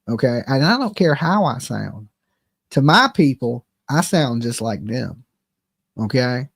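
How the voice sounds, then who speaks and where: A man's voice: medium pitch, sing-song, measured pace, creaky, slightly rough, no room sound, studio quality. A man with a Southern US accent giving a heated reaction rant as a channel host, repeating himself and tossing in "okay?". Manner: heated, repetitive, keeps asking "okay?". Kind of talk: ranting reaction commentary.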